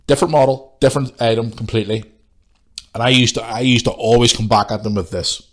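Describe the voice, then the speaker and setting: A man's voice: medium pitch, steady tone, fast. A man hosting a podcast, ranting bluntly and swearing freely while he has a cold. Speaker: podcast host. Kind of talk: casual ranting monologue.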